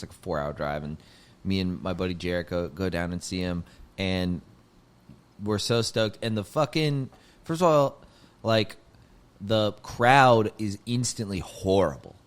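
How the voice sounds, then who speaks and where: A young man with a lowish voice tells a long, rambling story on a podcast. He leans hard on filler words and swearing. He jumps up loud and high whenever the story excites him. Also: clear, resonant tone. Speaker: podcast host, comedian. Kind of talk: casual storytelling chat.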